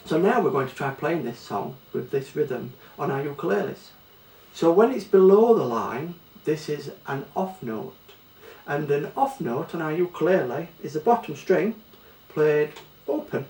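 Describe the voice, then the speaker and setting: Speaking at a moderate pace in an animated, medium-pitched voice, this Yorkshire-accented man walks children through pulse and rhythm with patient, step-by-step explanations during a music lesson. Background noise and faint ambience come through from the distant mic in an echoey room.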